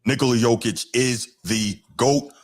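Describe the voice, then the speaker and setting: A man's voice: medium pitch, measured pace. A man co-hosting a sports podcast, talking in a laid-back, sarcastic, mock-serious way. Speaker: podcast co-host. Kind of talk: casual sports podcast banter.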